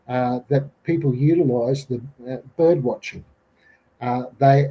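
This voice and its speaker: The audio is poor as a middle-aged Australian podcast guest, his medium-pitched voice dark and slightly rough, tells a rambling story of a bush camping encounter. He fills it with fillers and restarts and quotes people in raised voices.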